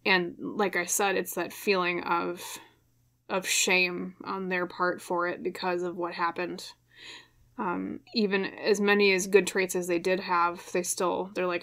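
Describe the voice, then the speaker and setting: Soft-spoken woman reading tarot, low and flat. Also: a little slow. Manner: soft, hesitant, many fillers and restarts. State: choked up, emotional. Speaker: tarot reader. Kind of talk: pick-a-card tarot reading to camera.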